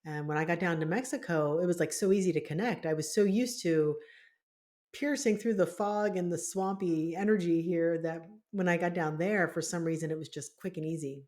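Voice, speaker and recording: A woman with a lowish voice co-hosts a podcast and works as a spiritual healer. In casual conversational chat, she tells stories animatedly and laughs often.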